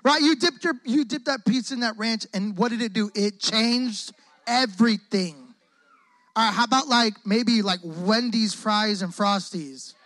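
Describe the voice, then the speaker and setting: High-voiced man preaching with playful slang. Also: measured pace, fairly bright tone, dry recording. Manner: playful, joking, heavy casual slang. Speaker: guest preacher. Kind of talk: lively call-and-response sermon. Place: church hall with a congregation. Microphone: close microphone on the speaker.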